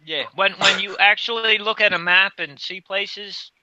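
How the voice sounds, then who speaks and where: A man's voice: sits high, steady tone, moderate pace, muffled recording, heavy background noise. A man from the United States co-hosting a casual podcast, making self-deprecating jokes with some mild swearing. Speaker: podcast co-host.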